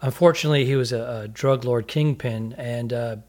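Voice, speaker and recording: A man co-hosting a comedy podcast, tossing out jokey deadpan quips in casual banter. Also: mid-range voice, fairly quick.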